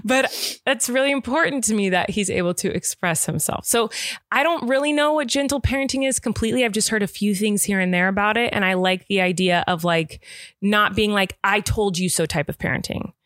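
A woman's voice: medium pitch, no echo. Young woman on a podcast, talks a lot, dry close sound. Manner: talkative, animated, quick asides. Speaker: podcast co-host. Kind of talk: casual chat.

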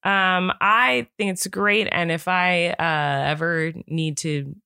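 A woman in her thirties, from Santa Barbara, co-hosting a podcast in casual chat, giggly and animated as she tells stories. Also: fairly low pitch, takes it slowly, gravelly, clear, resonant tone, no room sound, studio quality. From Santa Barbara, California. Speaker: podcast co-host.

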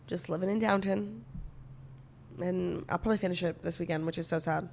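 Young woman cohost, lower voice, wry, makes big dramatic statements. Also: a little fast, vocal fry, a little mellow, a little hiss or hum. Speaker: podcast co-host. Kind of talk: casual chat.

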